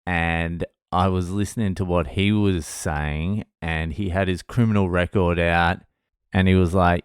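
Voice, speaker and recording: Deep-voiced, slow-talking sardonic man. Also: fairly even intonation, clean tone, no echo, studio quality. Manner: profane, sardonic storytelling. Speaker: comedian. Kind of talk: casual storytelling vlog.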